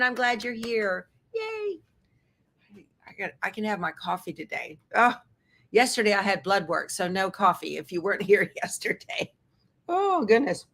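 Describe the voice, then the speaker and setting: Woman, cheerful sewing-stream host, casual chatter, quick laughs, home sewing room. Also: on the low side, bright, forceful tone. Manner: chatty, upbeat, laughs often. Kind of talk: casual live-stream chat.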